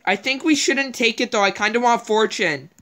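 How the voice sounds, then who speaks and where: A woman's voice: a little high, normal speed, fairly bright tone. A woman hosting a gameplay video, thinking aloud in casual, rambling commentary as she plays.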